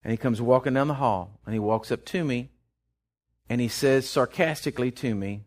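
A man preaching a sermon, impassioned, rising loud then dropping soft, often restarting his words. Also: medium pitch, normal speed.

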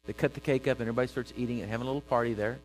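A man preaching a sermon, telling a story and acting out its characters with bursts of loud emphasis. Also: medium pitch, fairly even intonation, rapid-fire, faint music behind, poor audio.

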